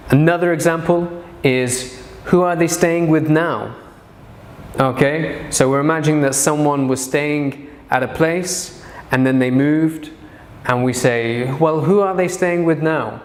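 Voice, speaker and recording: A man teaching an English grammar lesson, speaking slowly and deliberately and repeating his example sentences. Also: medium pitch, echoey room, a little hiss or hum.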